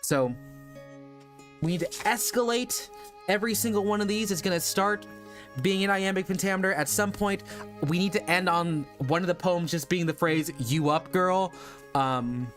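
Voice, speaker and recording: Rambling, slightly high-voiced male streamer. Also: normal speed, a bit bright, soft background music. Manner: rambling, thinking aloud while typing. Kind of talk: casual livestream chat.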